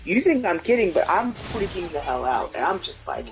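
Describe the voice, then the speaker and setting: A man co-hosting a gaming video, telling a story in a lively, profanity-laced casual chat. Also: high voice, normal speed, faint music behind, poor audio. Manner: animated, swears freely, talks to himself in retellings. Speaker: gaming co-host.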